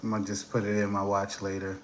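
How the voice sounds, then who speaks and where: A relaxed man talks loosely into his stream from a home kitchen, chatting and rambling as he reads comments. His voice sits fairly low, with a faint hiss of noise behind it. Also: fairly quick. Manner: relaxed, rambling, talks while reading chat and browsing. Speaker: livestream host. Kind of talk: casual live-stream chat. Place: home kitchen, sitting at a computer.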